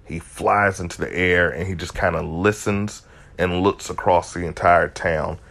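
Deep-voiced man recapping an episode. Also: steady tone, unhurried, vocal fry, fairly bright tone. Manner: analytical, emphatic, frequent restarts. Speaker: video creator recapping a show episode. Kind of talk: casual recap commentary.

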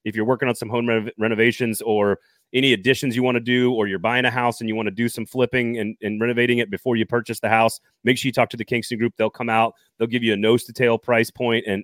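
A man co-hosts a live sports talk show. He jokes, laughs easily and rattles through sponsor reads at an average pitch. His voice sits dry and close to the mic. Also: fairly bright tone, no room sound. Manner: jokey, laughs often, fast sponsor patter. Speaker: podcast co-host.

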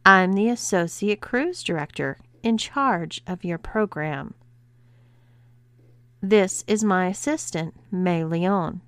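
A woman's voice: on the low side, slow, no room sound. A woman voicing a stern, commanding female cruise director who speaks with cool, controlled authority.

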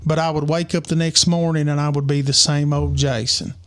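Guy telling his story on a podcast, kinda high voice, stops and restarts a lot. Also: little pitch movement, fairly bright tone. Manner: earnest, halting, many restarts. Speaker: podcast co-host. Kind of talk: personal storytelling.

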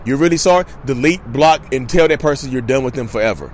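A man in his thirties hosting a podcast, talking in a casual, animated monologue and mimicking people in quick asides. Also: medium pitch, a little hiss or hum. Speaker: podcast host.

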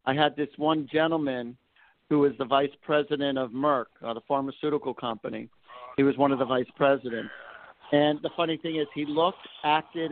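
A man hosting a call-in show as a psychic, chatty and telling stories to callers. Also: a little high. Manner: chatty, storytelling, affectionate with callers. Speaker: psychic radio show host. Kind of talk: casual call-in chat. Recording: phone-like narrow band.

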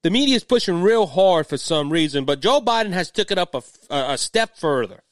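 A man's voice: high voice, animated, a little fast, dry recording, studio quality. A middle-aged man with a Cajun accent hosting a political podcast, talking in an agitated, rambling way and often repeating words. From Louisiana. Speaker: podcast host.

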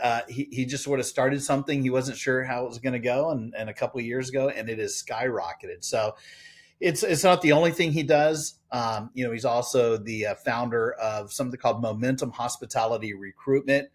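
A man co-hosting a podcast, introducing the episode in quick, chatty, upbeat banter. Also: medium pitch. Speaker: podcast co-host.

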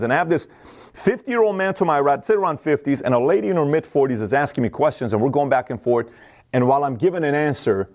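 A middle-aged man giving a motivational talk, energetic and repetitive, acting out the voices of people in his stories. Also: a little high. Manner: energetic, acts out quoted voices, repeats himself. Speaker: motivational speaker. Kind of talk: fast motivational monologue to camera.

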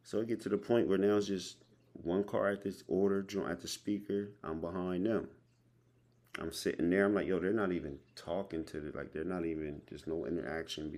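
A man hosts a podcast in a low, gravelly voice with a creaky edge. He talks loosely and in slang, circling back and repeating words as he tells a story. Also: steady tone, fairly quick, darkish tone. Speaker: podcast host. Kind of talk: casual conversation.

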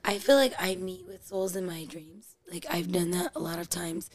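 A woman's voice: fairly low pitch, normal speed. Rambling woman in casual chat. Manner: rambling, heavy use of "like". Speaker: podcast co-host.

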